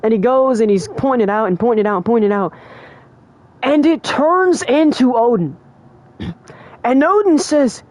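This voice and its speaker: Excitable young adult streamer, chatty. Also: mid-range voice, measured pace, pauses often, dry recording. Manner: emotional and excitable, heavy on fillers like "like" and "bro". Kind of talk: casual livestream chat.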